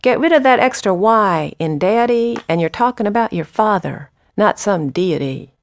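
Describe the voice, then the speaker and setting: A woman's voice: mid-range voice, dry recording, clean studio sound. Poet woman reading her verse. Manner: unhurried, expressive reading with pauses. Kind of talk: poetry reading with short introductions.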